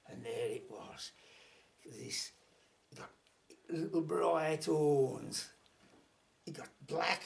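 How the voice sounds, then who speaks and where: A man's voice: fairly high pitch, vocal fry. A man telling a folk tale aloud at a folk club, in a chatty manner with asides. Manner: chatty, lively storytelling with asides.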